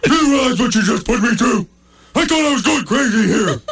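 A man's voice: very high voice, animated, fairly quick, gravelly, a bit bright, slight background noise, pitched above the performer's own voice, full character voice. A man voicing a jittery, whiny male dog in a cartoon, with a panicky manner. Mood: indignant. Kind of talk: cartoon voice acting.

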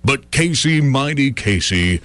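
A man's voice: mid-range voice, animated, fairly bright tone, no echo. A man performing a comic poem to a live audience in a mock-epic, rhythmic style. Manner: mock-epic poetic delivery with rhythmic pauses. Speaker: comedian. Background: audience laughter.

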